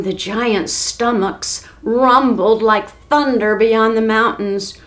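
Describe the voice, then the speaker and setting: A woman reading a children's story aloud as a library storyteller. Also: a little high. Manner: slow, expressive read-aloud.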